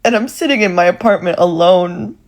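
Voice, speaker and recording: A woman's voice: on the low side, lively intonation, a little fast. A woman talking to camera at home, tearful and embarrassed, laughing through her tears. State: tearful, laughing while crying. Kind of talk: casual confession to camera. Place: her apartment.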